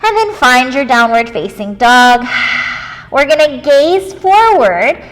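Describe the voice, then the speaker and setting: A woman leading a children's yoga class, gentle and playful, encouraging the kids and making animal noises. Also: sits high, sing-song, slow pace, long reverb tail.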